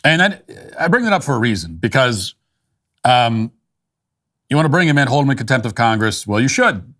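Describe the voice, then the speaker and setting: A man's voice: medium pitch, big pitch swings, brisk, a bit bright. A man hosting a political commentary show, talking in a dry, dismissive way with frequent restarts.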